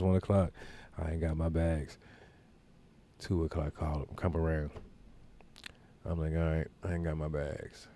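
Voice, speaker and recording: A man's voice: fairly low pitch, a little mellow, dry recording. A man hosting a podcast, telling a rambling, profane anecdote in casual chat with lots of asides. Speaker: podcast host. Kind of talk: casual storytelling.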